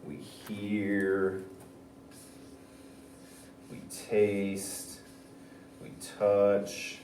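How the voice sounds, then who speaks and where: A male teacher giving a reading lesson, reading passages aloud and thinking out loud about them. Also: fairly low pitch, extremely slow, slight background noise. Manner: animated, switching between reading aloud and thinking aloud. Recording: roomy sound, mic at a distance, faint ambience.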